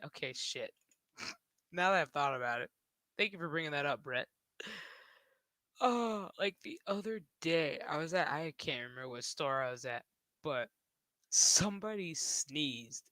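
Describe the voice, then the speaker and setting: A man's voice: on the high side, pushed and bright, no room sound. A man streaming who talks in a rambling, casual way, swearing and laughing often. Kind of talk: casual livestream chat.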